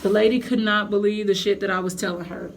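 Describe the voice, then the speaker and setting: A young woman vlogging from home, telling a heated storytime with lots of swearing. Her voice is of ordinary pitch for a woman, and she talks straight to her viewers. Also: quick pace, a little hiss or hum. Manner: animated, profane venting storytelling. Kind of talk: casual storytime vlog.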